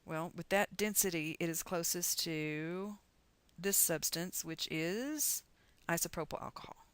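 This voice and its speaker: A woman's voice: lowish voice, measured pace, clear, resonant tone, dry recording. A middle-aged woman from the United States teaching chemistry in a recorded lecture, chatty and encouraging as she talks through calculations aloud.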